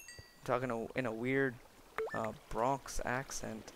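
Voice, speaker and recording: A young man giving excitable, rambling commentary while playing a block-building game and joking with the creatures he meets. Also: medium pitch, takes it slowly, noisy background. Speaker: gaming video creator. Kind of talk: Minecraft let's play commentary.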